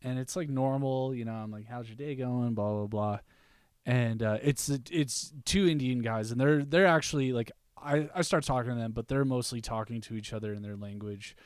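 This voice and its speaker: A man's voice: mid-range voice, normal speed, smooth, dry recording, studio quality. Laid-back young man telling stories. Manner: laid-back storyteller, laughs often, says "dude". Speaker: podcast co-host. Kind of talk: casual chat.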